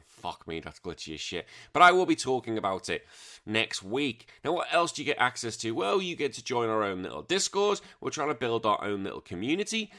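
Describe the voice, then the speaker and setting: A man's voice: medium pitch, a bit bright. A middle-aged man hosting a casual podcast, rambling, swearing freely and laughing easily. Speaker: podcast host. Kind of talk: casual chatty podcast talk.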